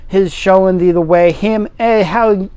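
Gruff shaky old gardener, broad dialect, voiced by a male reader. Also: high-pitched, steady tone, unhurried, darkish tone. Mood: outraged. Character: gruff old Yorkshire gardener, outraged then moved.

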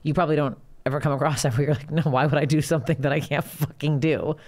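A woman hosting a comedy podcast, excitable and swearing freely in casual chat. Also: deep voice, quick pace.

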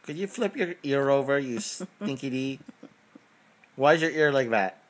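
A man's voice: mid-range voice, lively intonation, unhurried, heavy background noise. A man talking doting, playful baby talk to his pets in a casual home video. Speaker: dog owner. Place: home, indoors.

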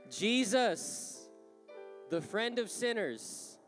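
A man preaching a sermon, moving from soft-spoken storytelling to loud, impassioned calls. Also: high-pitched, sing-song, very slow. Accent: Southern Californian. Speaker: pastor. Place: large church hall. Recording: long hall reverb, live church. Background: music playing.

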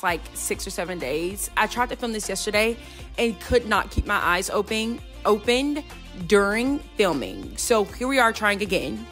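A woman's voice: mid-range voice, sharp tone. Girl rambling on her podcast, says y'all a ton, phone mic, light music under it. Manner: chatty and scattered, says y'all a lot. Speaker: podcast host. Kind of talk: casual faith podcast chat. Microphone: phone microphone.

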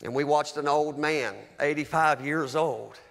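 A man's voice: on the high side, unhurried, creaky, a bit bright, long reverb tail. A man preaching, telling a heartfelt story as testimony, with a fervent, emotional delivery. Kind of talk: sermon testimony.

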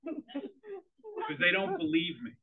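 A middle-aged man giving an interactive presentation to parents, animated and quizzing his audience. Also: medium pitch, moderate pace, very noisy. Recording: tinny phone-like audio.

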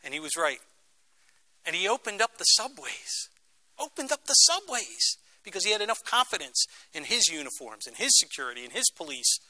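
In a university lecture room, a middle-aged Philadelphia man addresses students as a guest lecturer, his voice pitched on the high side, bright and forceful, animated and a touch fast. He tells a story with dramatic emphasis, acting out the quoted voices.

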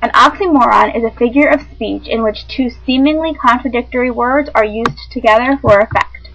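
A woman with a fairly high voice reads out a literature lesson. Her delivery is measured and clear, like a classroom explanation, and she stumbles over a word now and then. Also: a bit bright, dull audio. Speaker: teacher. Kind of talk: reading a lesson script aloud.

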